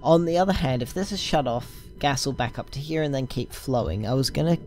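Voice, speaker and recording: A man's voice: mid-range voice, fairly quick, darkish tone, slight background noise. A man giving casual gameplay commentary, thinking aloud with lots of ums and side tangents. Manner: rambling, thinking aloud with many fillers. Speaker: gameplay video host.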